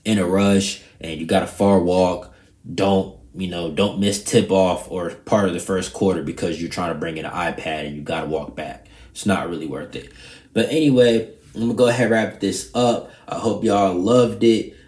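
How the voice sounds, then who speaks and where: Deep-voiced man, loose vlog chat. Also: moderate pace, reverberant. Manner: loose, rambling and profane, animated when retelling. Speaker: vlogger.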